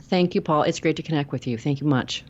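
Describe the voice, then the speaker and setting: Brief: earnest woman interview guest, deep voice, emphatic, dull lo-fi audio. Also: quick pace, faint music behind. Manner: earnest, emphatic, repeats words when starting a sentence. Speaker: podcast guest, author; radio show host and logotherapist. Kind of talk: casual interview chat.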